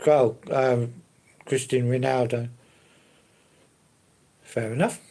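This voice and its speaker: A man hosts a relaxed live stream and answers viewers as they come in. His voice sits at a middling pitch with a gravelly edge, and he rambles along easily, leaning often on fillers. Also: slow. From London. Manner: easygoing, rambling, fillers and hedges like to be honest.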